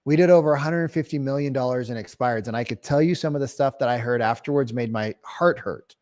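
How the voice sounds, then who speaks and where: A man giving an energetic real estate sales training talk, acting out calls and clients and swearing casually. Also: medium pitch, fast.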